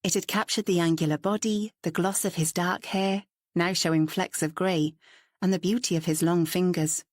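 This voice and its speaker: Fairly low in pitch, a woman's narration of an audiobook stays measured and even throughout. The recording is dry and clean, with studio sound.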